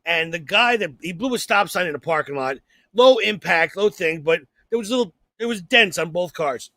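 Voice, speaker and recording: A man tells a rambling, excitable anecdote on a comedy podcast. His voice sits high for a man and sounds bright and sharp, and he keeps restarting his sentences. The recording is close and dry. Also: moderate pace, dry recording. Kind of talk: casual chat, storytelling.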